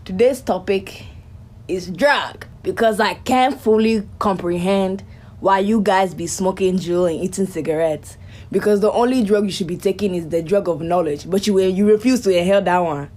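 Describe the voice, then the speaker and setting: A woman's voice: mid-range voice, a little mellow, close to an everyday voice. A young woman voicing a stern, preachy African auntie with a Ghanaian accent in a comedic skit. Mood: lecturing. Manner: scolding, preachy, deliberate.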